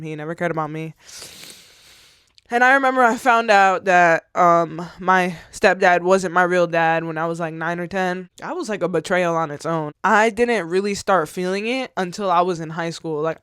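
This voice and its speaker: A woman's voice: fairly low pitch, a bit bright, clear, resonant tone, dry recording, studio quality. A woman in her twenties talking candidly to camera in a vlog, rambling, slangy and swearing, tearful at times. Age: 20s. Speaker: vlogger.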